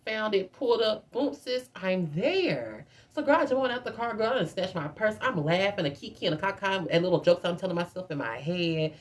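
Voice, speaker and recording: A woman in her twenties telling a storytime in a chatty, animated way, constantly addressing her viewers as "girl.". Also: mid-range voice, a little fast, hardly any pauses. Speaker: vlogger. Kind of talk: casual storytime.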